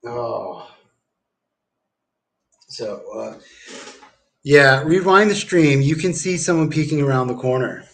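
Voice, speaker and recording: A man's voice: medium pitch, lively intonation, takes it slowly, pauses often, fairly bright tone. A man ranting on a livestream, rambling and swearing, tacking "dude" onto his sentences. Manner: rambling, profane, keeps saying dude. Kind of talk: casual livestream rant.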